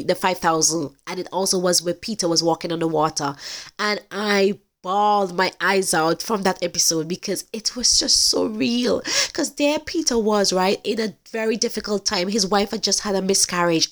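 A woman's voice: fairly low pitch, moderate pace, a bit bright. A woman hosting a podcast, giving an earnest, emphatic faith-based talk straight to her listeners. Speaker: podcast host.

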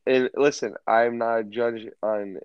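A man co-hosting a casual podcast, profane and animated as he tells stories. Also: mid-range voice, measured pace, clear, resonant tone, no room sound. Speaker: podcast co-host. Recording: dull lo-fi sound.

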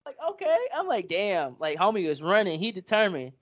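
Animated, profane woman retelling scenes. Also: medium pitch, fairly quick. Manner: animated storytelling, acting out quotes, profane, laughing often. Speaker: podcast co-host. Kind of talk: casual chat.

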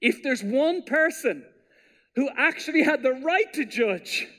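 A man preaching a sermon as pastor, animated and storytelling, acting out quotes with playful voices. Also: extremely high pitch, measured pace.

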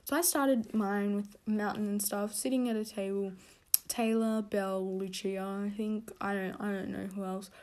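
A young woman hosting a casual podcast rant, rambling with many fillers and self-corrections, getting animated as she tells a story. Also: normal speed. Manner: animated storytelling, pitch jumping when excited. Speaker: podcast host.

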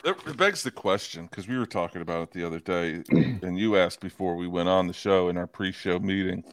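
A man's voice: sits low, brisk, dry recording. A man co-hosting a casual podcast, rambling and easygoing as he tells stories. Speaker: podcast co-host. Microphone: close podcast mic.

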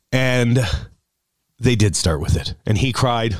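A man's voice: fairly low pitch, lively intonation, moderate pace, dry recording, clean studio sound. A man from Canada hosting his own show, talking in a chatty, rambling way with many fillers as he tells stories. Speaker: podcast host and guest radio DJ. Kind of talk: casual spoken introduction.

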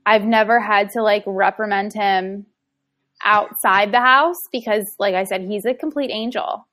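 A young woman talking in a relaxed, chatty way about raising her child. She tells stories in long loose runs full of "like" and breaks into laughter now and then. Her pitch sits in an ordinary middle range. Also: unhurried. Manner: chatty, filler-heavy storytelling with laughs. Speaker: mother discussing parenting. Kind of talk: casual chat.

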